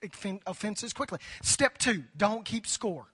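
A male pastor preaching to a big church crowd, his voice pitched high and ringing bright. He keeps prompting the people in the pews to talk back. His voice is wearing thin from preaching. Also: lively intonation, a little slow, breathy edge. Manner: preaching with call-and-response prompts to the congregation. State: voice tiring, near hoarse. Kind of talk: sermon. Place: church sanctuary before a large crowd.

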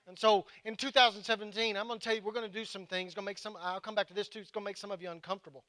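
A man's voice: sits high, fairly even intonation, very fast, hardly any pauses, no echo. A man preaching a sermon as pastor, emphatic and building in intensity. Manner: prays softly. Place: church sanctuary.

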